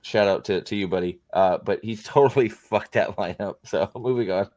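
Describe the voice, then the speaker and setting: A man hosting a casual reaction video, talking in a halting, rambling way with many restarts and asides. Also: lowish voice, a little mellow, dry recording.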